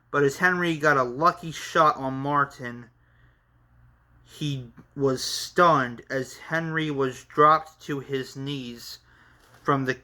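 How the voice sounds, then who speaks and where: A man hosting a casual manga read-along, narrating with halting, chatty asides. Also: a little high, bright, forceful tone. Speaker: channel host reading a manga.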